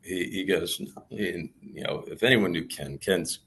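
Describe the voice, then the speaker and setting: A man's voice: deep voice, a little slow, fairly bright tone, a little hiss or hum. A man who plays professional baseball, telling candid stories in an interview in a thoughtful, rambling way. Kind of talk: reflective storytelling in interview.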